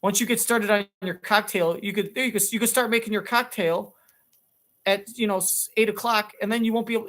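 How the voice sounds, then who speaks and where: A man's voice: high voice, fairly quick, fairly bright tone. A middle-aged talk show co-host in a sarcastic, exasperated comic rant, swearing as he goes.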